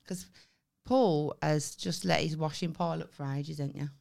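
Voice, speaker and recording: A woman chats casually as a podcast co-host. Her voice sits a little low, and she tells her stories in a lively way with plenty of swearing. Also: normal speed, creaky. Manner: sweary, animated storytelling with laughs. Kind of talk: casual chat.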